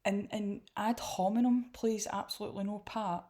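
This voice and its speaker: A woman's voice: medium pitch, fairly even intonation, moderate pace, warm tone. A Scottish woman giving candid, indignant reaction commentary.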